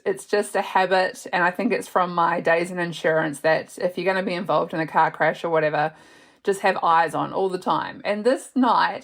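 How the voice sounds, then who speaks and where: A young woman hosting a podcast, chatting casually and laughing often as she retells a night out. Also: medium pitch. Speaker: podcast host. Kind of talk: casual storytelling monologue.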